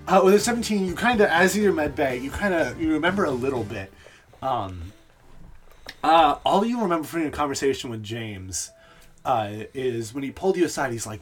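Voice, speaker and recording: A game master narrating a tabletop role-playing session in an animated, casual way, often using fillers. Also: medium pitch, fairly quick, soft background music.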